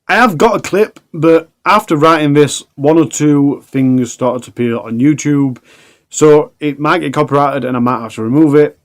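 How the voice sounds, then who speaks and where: A man's voice: fairly high pitch, moderate pace. A man narrating a true crime documentary in a plain, conversational way with casual asides.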